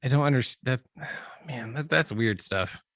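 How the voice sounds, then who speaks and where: A man co-hosting a podcast in a relaxed, slangy, casual way. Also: mid-range voice, measured pace, dry recording, studio quality. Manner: laid-back, slangy, chuckling. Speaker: podcast co-host. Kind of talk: casual chat.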